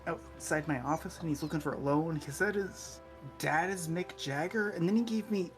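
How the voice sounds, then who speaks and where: A storyteller putting on the voice of a tired woman bank teller, weary and flat. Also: medium pitch, normal speed, faint music behind, close to an everyday voice.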